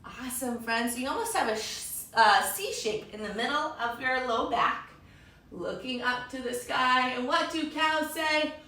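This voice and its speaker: A woman's voice: high-pitched, unhurried, sharp tone. A young woman leading a children's yoga lesson, upbeat and encouraging, making animal sounds along with the poses. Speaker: kids yoga teacher. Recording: echoey room, distant mic.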